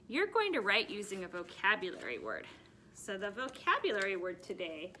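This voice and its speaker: A woman teaching a first grade lesson, speaking slowly and clearly in an encouraging teacher's manner. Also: medium pitch, sing-song, sharp tone, a little hiss or hum. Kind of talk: recorded classroom lesson.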